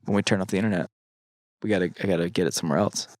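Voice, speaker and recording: A young man co-hosting a podcast in casual chat, swearing freely and animated. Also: low-pitched, very fast, no echo. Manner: swearing, animated, quotes people in put-on voices. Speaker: podcast co-host.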